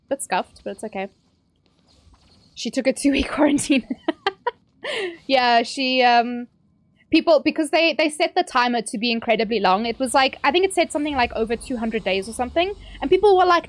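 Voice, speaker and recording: A woman's voice: high-pitched, lively intonation, brisk, faint music behind. Chatty young woman game streamer. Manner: chatty and ranting, with sudden yelps at the game. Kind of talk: casual live-stream chat while gaming.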